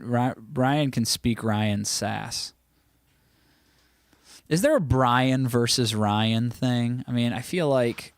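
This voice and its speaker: A man's voice: mid-range voice, clean tone, no echo, clean studio sound. Casual man chatting on a livestream. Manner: loose, chatty, reacts to chat messages. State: throat clearing, scratchy throat. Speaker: livestream host. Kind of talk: casual chat reading live comments.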